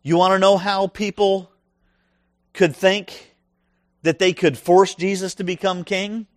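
A middle-aged man preaching a sermon in a conversational, animated way, often asking his listeners questions. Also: high-pitched, measured pace, no room sound, clean studio sound.

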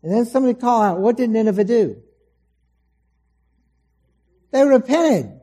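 A man preaching a sermon to a congregation, dramatic, acting out the voices he quotes and swinging between loud emphasis and soft, low asides. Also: expressive, quick pace. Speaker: pastor. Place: church hall before a congregation.

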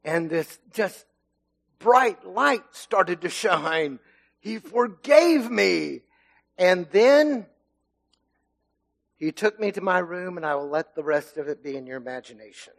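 A middle-aged man giving a sermon, telling a childhood story in a relaxed, conversational way with fillers, then reading scripture. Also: high-pitched, takes it slowly, vocal fry. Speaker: lay preacher.

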